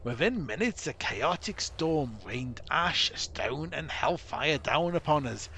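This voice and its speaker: A man voicing a weary male dwarf survivor in a rough put-on accent, dramatically retelling a disaster. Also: a little high, lively intonation, takes it slowly, sharp tone, slight background noise, pitched above the performer's own voice, full character voice. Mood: grim.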